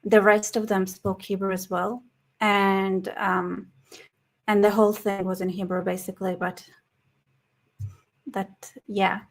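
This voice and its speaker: A tired, slightly hoarse woman hosting a casual live stream, rambling with frequent restarts and reading chat comments aloud. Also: medium pitch, level tone, measured pace, pauses often. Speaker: livestream host.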